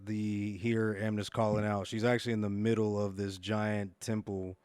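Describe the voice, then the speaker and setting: A man narrating as game master in a tabletop game, low-key and hesitant. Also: little pitch movement, moderate pace, darkish tone, smooth, dry recording.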